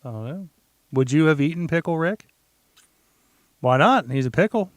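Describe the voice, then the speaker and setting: A man's voice: fairly high pitch, animated, normal speed, dry recording. A man hosting a casual podcast, joking around and asking lots of questions with plenty of fillers. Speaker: podcast host.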